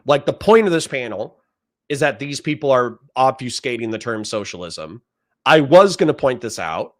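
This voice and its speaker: A man commenting live on a debate stream, heated and profane, ranting in quick bursts. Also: mid-range voice, sing-song. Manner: heated, profane, rapid rants.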